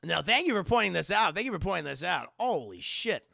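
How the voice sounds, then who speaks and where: A man hosting a livestream in a casual, excitable way, swearing freely and laughing often. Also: sits high, fairly quick, vocal fry, dry recording, clean studio sound. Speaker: livestream host.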